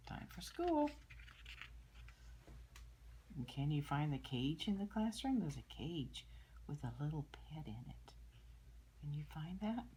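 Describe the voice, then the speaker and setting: Older grandma reading picture book to kids; deep but very lively voice, gentle asides. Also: female voice, slight background noise. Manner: gentle, explaining pictures, drops to soft asides. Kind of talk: storybook read-aloud with commentary.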